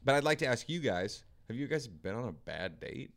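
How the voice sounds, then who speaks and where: A man co-hosting a comedy podcast in casual chat, cracking deadpan jokes and teasing his guests. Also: medium pitch, brisk, slight background noise.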